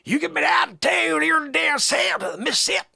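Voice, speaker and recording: A man voicing a rowdy southern man with a pitchfork, hollering in a put-on American Southern accent. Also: sing-song, fairly quick, vocal fry, pushed and bright, no room sound, studio quality, exaggerated voice.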